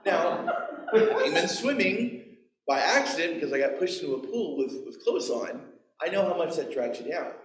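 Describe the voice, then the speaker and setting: Animated man in his forties preaching. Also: a little high, moderate pace, echoey room, rough recording. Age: 40s. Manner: animated storytelling with playful asides and acted-out quotes. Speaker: pastor. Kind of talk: sermon. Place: church.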